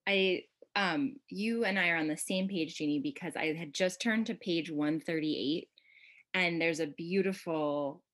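Low-voiced woman talking books. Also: unhurried. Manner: enthusiastic, thinks aloud with many restarts; reads passages aloud softly. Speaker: podcast guest. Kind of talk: casual book discussion.

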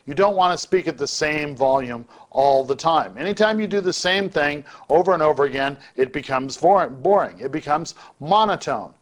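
A man with a slightly raised voice delivers a lecture on public speaking. He speaks deliberately and changes his volume and pace on purpose to demonstrate each technique. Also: fairly high pitch, lively intonation.

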